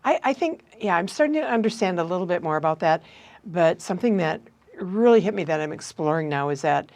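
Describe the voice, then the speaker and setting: Female interviewer, lower pitch, warm-free and attentive, casual conversational questions. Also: lively intonation, fairly quick. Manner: attentive, frequent soft affirmations.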